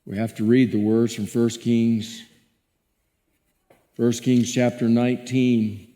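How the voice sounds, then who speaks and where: A male pastor preaching a sermon and reading scripture dramatically, moving between hushed and emphatic passages. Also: medium pitch, flat delivery, slow. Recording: long church reverb.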